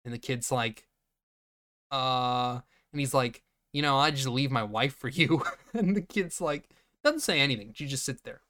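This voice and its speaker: Man, podcast co-host, casual movie recap, mid-pitched voice, acts out lines, laughs a lot. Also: normal speed. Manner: animated retelling, acting out lines, laughing often.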